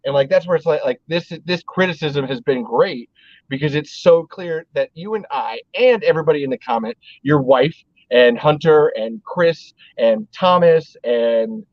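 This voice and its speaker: A man's voice: fairly high pitch, lively intonation, normal speed, dry recording, muffled recording. Rambling, cursing podcast host man. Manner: rambling, swears a lot, heavy use of "like". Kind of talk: casual podcast chat.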